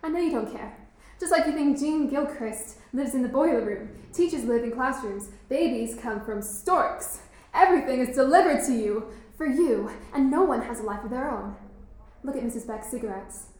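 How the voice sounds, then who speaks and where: A woman's voice: high voice, lively intonation, moderate pace, a little mellow. A woman playing a cynical, intense teenage schoolgirl who mocks and provokes, in a stage play. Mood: scornful. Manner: provocative, mocking. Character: cynical, intense teen girl student. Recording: very echoey hall.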